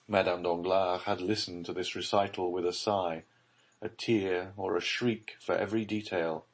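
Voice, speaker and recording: A man narrating a classic novel as an audiobook in a measured, low-key dramatic reading. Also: fairly even intonation.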